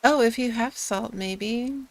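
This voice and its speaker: Woman streamer, casual chat, unhurried and giggly, slightly high voice. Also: no room sound, low-quality recording. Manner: giggly, chatty, easygoing.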